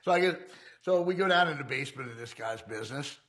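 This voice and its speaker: A man's voice: mid-range voice, lively intonation, fast talker, fairly bright tone. A man candidly telling his life of crime in profane, streetwise talk. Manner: profane, streetwise, acts out quoted voices. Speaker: former criminal telling his life story.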